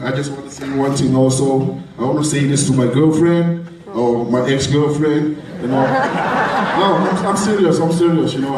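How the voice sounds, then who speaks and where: A man's voice: mid-range voice, darkish tone. Impassioned man, echoey hall far away. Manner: impassioned, swearing, repeating "you understand". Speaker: bodybuilding competitor. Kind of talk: emotional press conference speech. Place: press conference hall. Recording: echoey room, distant mic, crowd noise.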